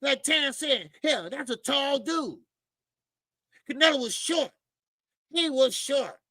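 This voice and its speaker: High-voiced gravelly guy, bright sharp tone, rants about boxing, dry close sound. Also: lively intonation, slow, dry recording. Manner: emphatic, repetitive, slangy, calls listeners "baby". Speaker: boxing channel host. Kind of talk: animated boxing commentary rant.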